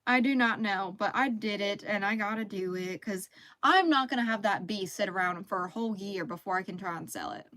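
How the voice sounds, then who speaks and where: A woman in her thirties hosting a relaxed live crochet stream, chatting casually, reading chat messages aloud and laughing often. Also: medium pitch, brisk.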